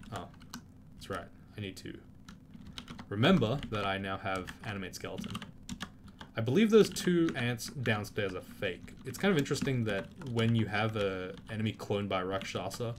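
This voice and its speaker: A man's voice: lowish voice, noisy background. A man giving casual, profane commentary while playing a game, flaring into indignant outbursts at enemies. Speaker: gameplay commentator. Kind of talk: casual let's-play commentary. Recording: loud keyboard clicks picked up by mic.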